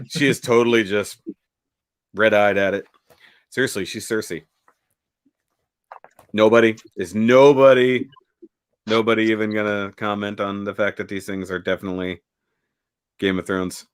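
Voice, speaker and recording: A man co-hosting a casual review chat, animated and jokey and quick to swear. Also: lowish voice, clean tone, no room sound. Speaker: co-host.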